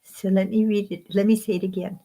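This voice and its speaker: A woman guest author giving a spiritual teaching talk in slow, measured phrases with frequent pauses. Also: medium pitch, flat delivery, vocal fry, dark tone.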